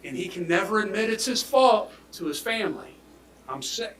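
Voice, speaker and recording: Emphatic prosecutor in an echoey courtroom. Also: male voice, high voice, expressive, a little fast. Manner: emphatic, swings from loud declarations to hushed near-whispers. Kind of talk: courtroom closing argument. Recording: echoey courtroom audio from far off.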